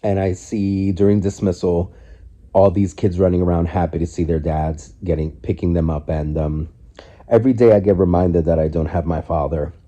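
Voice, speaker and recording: A man's voice: low voice, steady tone, moderate pace, warm tone. A man in his forties talking reflectively and candidly while eating on his living room couch, recorded on his phone. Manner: reflective, candid, speaks in loose restarts. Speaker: vlogger. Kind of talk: casual mukbang vlog.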